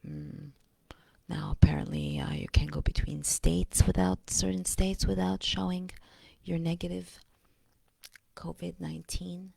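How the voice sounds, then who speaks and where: A woman with a low voice full of gravelly fry talks slowly in a rambling vlog. She often slips into a husky, breathy whisper and speaks bluntly. The sound is close and dry, with no room echo. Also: fairly even intonation, mellow. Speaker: vlogger. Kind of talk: casual rambling monologue.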